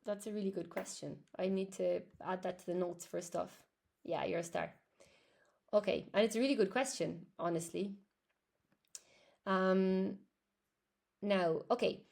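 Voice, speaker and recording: A young woman with an Irish accent teaches English on a live stream, stopping to answer viewers' comments in a chatty way. Her middle-pitched voice has a gravelly, creaky edge. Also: unhurried, long pauses, darkish tone. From Ireland.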